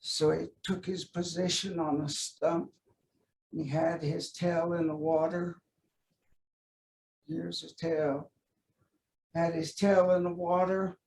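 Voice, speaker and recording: A man telling a traditional folk tale in a gentle, unhurried way with many "uh" pauses, recorded on a webcam during a video call. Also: on the high side, slight background noise. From United States. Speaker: storyteller. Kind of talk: traditional oral storytelling.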